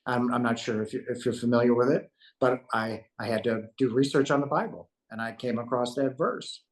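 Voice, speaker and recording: A man tells a spiritual testimony in an earnest, emphatic way. His voice sits at a middle pitch, and he circles back on his words, asking "right?" to pull the listener along. It sounds like an interview over a remote call. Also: fairly quick, rough recording. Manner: emphatic, repeats himself, rhetorical "right?". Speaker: interview guest.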